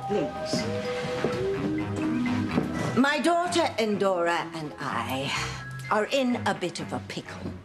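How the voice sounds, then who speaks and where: A wicked witch mother who relishes being bad, stretching her words very slowly with a lively, swooping pitch. She is arch and mock-sweet, and loud dramatic music plays under her. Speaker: soap opera actress. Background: loud dramatic score.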